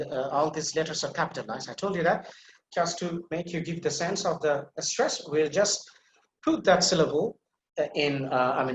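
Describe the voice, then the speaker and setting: A man teaching English pronunciation in an online class, patiently repeating words slowly so a student can copy them. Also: on the high side. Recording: echoey room with faint noise.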